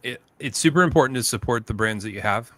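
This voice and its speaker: Bright-voiced man telling easygoing stories. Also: mid-range voice, expressive, fast talker. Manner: easygoing storyteller, acts out quotes. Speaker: livestream host. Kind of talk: casual chat.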